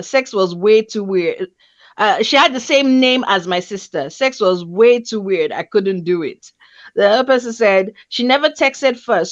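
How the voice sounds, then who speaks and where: A woman's voice: mid-range voice, no echo. Woman reading stories, dry dull audio. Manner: animated, laughing, teasing asides. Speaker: show host. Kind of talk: casual chat, reading listener stories aloud. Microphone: video call stream.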